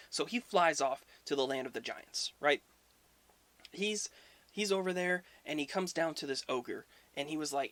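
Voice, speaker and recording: A man's voice: fairly high pitch, a little fast, a bit bright, dry recording. Brief: a man hosting a history video, laid-back storytelling with some profanity, dry close sound. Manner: informal, swears, conversational fillers. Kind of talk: casual storytelling.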